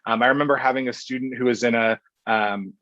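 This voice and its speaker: A man from Oklahoma speaking as a guest in a podcast conversation, talking thoughtfully with pauses and restarts. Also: medium pitch, fairly even intonation, bright, forceful tone, no room sound, highs cut off. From Oklahoma, USA. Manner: thoughtful, hesitant with fillers and restarts. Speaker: guest, professor.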